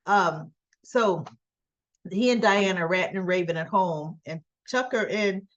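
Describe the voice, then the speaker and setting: Woman host, unhurried chatty soap recap, slightly muffled lo-fi sound. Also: on the low side. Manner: chatty, acts out characters' lines in quick voices. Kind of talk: casual spoken recap.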